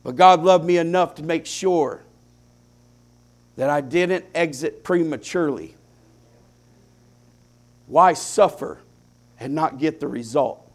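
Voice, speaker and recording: A man preaching a sermon, with impassioned swings between hushed, quiet lines and loud climaxes, drawing his phrases out slowly. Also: on the high side. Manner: slow, deliberate preaching with drawn-out phrases.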